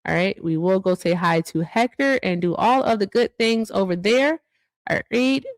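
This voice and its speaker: A woman's voice: mid-range voice, normal speed, no echo. A woman co-hosting a livestream show, chatting casually and reading out viewer thank-yous with asides. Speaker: livestream co-host.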